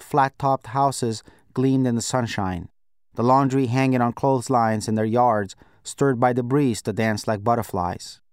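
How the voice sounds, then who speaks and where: A man narrating a novel in the first person, in a measured, reflective way. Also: mid-range voice, clean tone, no room sound, studio quality. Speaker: audiobook narrator. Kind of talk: scripted narration.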